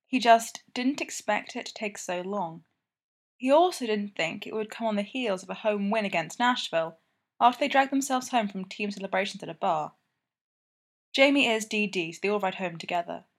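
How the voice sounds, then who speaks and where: A woman narrating a story aloud at a middle pitch. Her reading is even and intimate, moving steadily through the text. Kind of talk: scripted narration.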